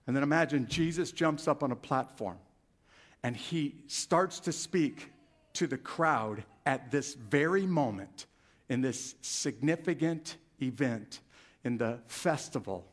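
A man's voice: mid-range voice, unhurried. A man preaching a sermon as pastor, rising in volume and emphasis on key phrases. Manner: animated preaching, swelling louder on key phrases.

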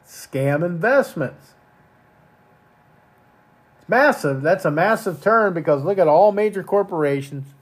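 A man's voice: a little high, husky. A man hosting a podcast in an angry, crude ranting monologue, cursing often and stumbling over repeated words. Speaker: podcast host.

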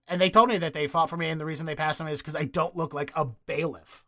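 A man who works as an actor, telling animated stories in casual chat, laughing and cursing now and then. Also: on the high side, quick pace. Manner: animated, swearing, laughing storyteller.

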